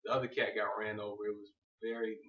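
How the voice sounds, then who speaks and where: A man with a fairly low, level voice speaks quickly, giving a loose, joking talk on faith to an audience and drifting off on tangents. He keeps saying "you know what I'm saying." He sounds distant in an echoey room, and the audio is dull.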